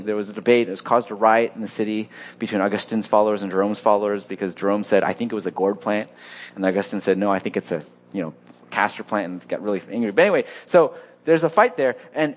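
A man preaching a sermon in a lively, humorous and conversational way. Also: mid-range voice. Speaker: pastor.

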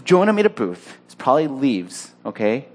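A man's voice: medium pitch, sing-song, moderate pace. A male pastor preaches a sermon with humor and a casual, talky delivery. He jokes with the congregation and keeps the teaching conversational.

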